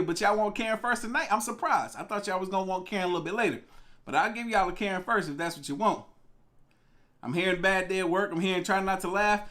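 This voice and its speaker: A young man with a fairly high voice hosts a live stream and chats loosely with his viewers in easygoing slang. His talk stays casual and conversational throughout. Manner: relaxed, slangy, chatting with viewers. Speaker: livestream reaction host.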